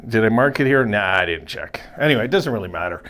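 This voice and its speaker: A man's voice: fairly low pitch, lively intonation, quick pace, a bit bright. A man hosting a casual solo video, talking in a rambling, chatty way with frequent self-corrections and asides. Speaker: hockey video host.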